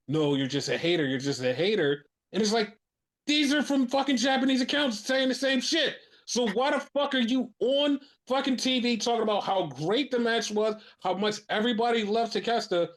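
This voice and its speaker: A man's voice: very high voice, moderate pace. A man hosting a casual podcast, ranting and swearing heatedly as he tells his stories with lots of energy. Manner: excitable, animated storytelling. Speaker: podcast host. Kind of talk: casual wrestling podcast chat.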